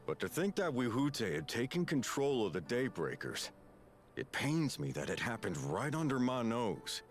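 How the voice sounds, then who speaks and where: An actor playing a stern middle-aged sheriff in a game, measured and authoritative. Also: male voice, medium pitch, big pitch swings, faint music behind, natural voice.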